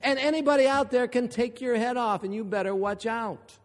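A man from Ohio preaching a sermon, emphatic and building to forceful repeated lines. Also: very high-pitched, steady tone, moderate pace, long reverb tail.

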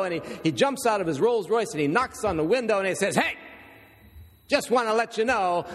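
A man with a high voice preaches a sermon in a church. He reads scripture, then turns to casual stories and asides to the congregation. His voice rings with the long reverb of a large hall. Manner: storytelling, conversational asides to the congregation. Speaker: pastor.

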